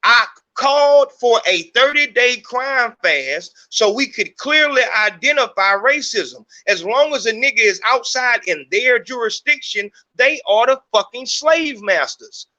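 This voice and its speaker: A man's voice: extremely high pitch, animated, a little slow, hardly any pauses, sharp tone, highs cut off. A middle-aged man hosting a podcast, talking in a heated, profane, rambling monologue. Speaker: podcast host. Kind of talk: unscripted monologue.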